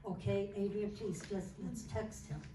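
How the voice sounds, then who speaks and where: A woman's voice: mid-range voice, measured pace. Woman telling a testimony in a roomy hall. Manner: animated, acts out quoted dialogue. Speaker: guest sharing a testimony. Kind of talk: casual storytelling testimony. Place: church hall. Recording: roomy hall, mic far off, faint noise.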